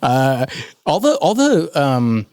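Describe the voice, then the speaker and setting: A man from Canada co-hosting a podcast, telling stories in an animated, laughing way. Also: mid-range voice, takes it slowly, clear, resonant tone, no room sound. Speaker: podcast co-host. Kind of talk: casual chat.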